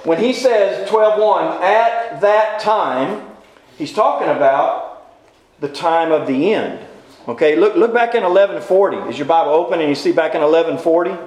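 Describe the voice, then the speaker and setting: A man with a noticeably high voice leads a Bible class in a folksy, informal way. He keeps tossing questions at his listeners and repeating them until someone answers. The recording rings with heavy room echo. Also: animated, normal speed, a little mellow. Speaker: Bible study teacher. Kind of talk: interactive Bible class lecture. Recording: very echoey room.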